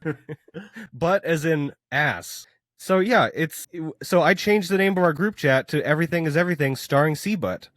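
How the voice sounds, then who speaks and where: A man co-hosting a podcast, chatting casually with friends and telling stories with an animated, laughing manner. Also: on the high side, moderate pace, no echo, clean studio sound. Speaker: podcast host. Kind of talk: casual chat among friends.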